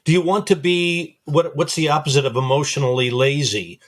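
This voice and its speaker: Higher-pitched man, emphatic host. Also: brisk. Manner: animated storyteller, repeats phrases for emphasis. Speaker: psychologist host. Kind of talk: conversational podcast interview.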